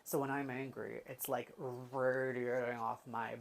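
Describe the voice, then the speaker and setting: A woman guide chatting casually, telling animated stories and acting out what people say. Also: very deep voice, a little slow, creaky. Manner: animated storytelling, acts out quotes. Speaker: human design guide. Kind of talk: casual chat.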